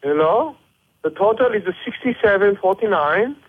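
A man with a Korean accent, speaking halting broken English on a phone call as a restaurant worker. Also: high voice, animated, breathy edge. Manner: halting broken English, gets loud and indignant. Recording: phone line.

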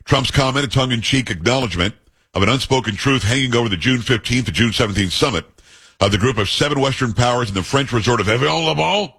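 A man's voice: mid-range voice, fast, a bit bright, husky. A man hosting a talk radio show, reading news aloud and giving emphatic, opinionated commentary while joking with his co-hosts.

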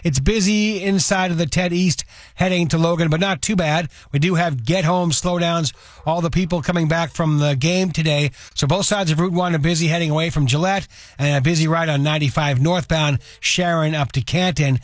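A man giving a radio traffic report in a rapid, matter-of-fact rundown. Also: a little high, fairly even intonation, dry recording, clean studio sound.

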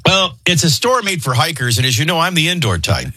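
A man's voice: a little high, big pitch swings, a little fast, sharp tone, husky, no room sound. A middle-aged man hosting a radio show, chatting casually and jokingly, moving from news into personal anecdotes. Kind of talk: casual talk radio banter.

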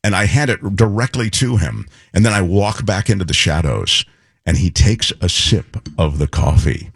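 A middle-aged man co-hosting a radio show, telling a story in a lively way and acting out the voices of the people in it. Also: deep voice, normal speed, husky, no room sound, studio quality. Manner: animated storyteller, acts out voices. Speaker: radio co-host. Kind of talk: casual chat, anecdote telling.

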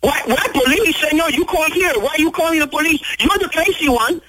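A man's voice: very high-pitched, a little fast, sharp tone, rough recording. A man doing a hot-headed cook. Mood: furious, threatening. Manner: brusque, mixes Spanish curses into English. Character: hot-tempered male Puerto Rican restaurant worker. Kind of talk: radio prank call.

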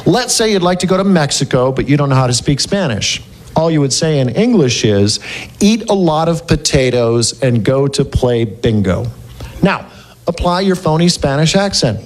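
A man doing a stand-up comedy set, animated and mocking, slipping into silly impressions. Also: on the high side, normal speed.

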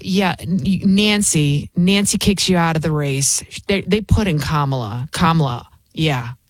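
A woman's voice: deep voice, measured pace, no room sound. A woman talk show host delivering an emphatic, sarcastic political commentary monologue, often repeating her points.

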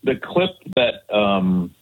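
Man, radio co-host calling in, rambling casual talk, husky lower voice, phone-line sound. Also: very animated, slow.

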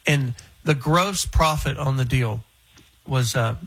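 A man's voice: medium pitch, slow, vocal fry, fairly bright tone, breathy edge, rough recording. A man hosting a radio talk show, chatting and teasing callers and co-hosts.

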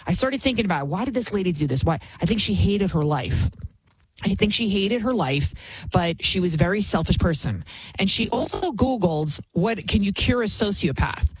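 A woman's voice: mid-range voice, very animated, normal speed, slightly rough, rough recording. A woman hosting a talk show, giving indignant, emphatic commentary and repeating words for stress. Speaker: show host.

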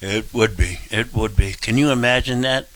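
A man's voice: fairly low pitch, moderate pace. A man hosting talk radio, giving blunt, rambling opinions. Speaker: radio talk show host.

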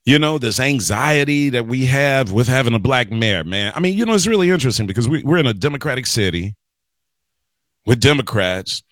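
A man hosting a talk radio show, rambling through an animated political monologue and calling listeners y'all and guys. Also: mid-range voice, normal speed, no echo. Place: radio studio.

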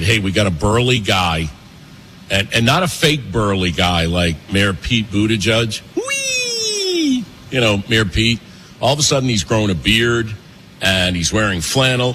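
A man hosts a political commentary show from a cafe, his bright, forceful voice swooping up and down as he hammers home points with quick repetitions. Faint background noise sits under his talk. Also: lowish voice. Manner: animated, emphatic, fast, with repetitions. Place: pastry shop and cafe.

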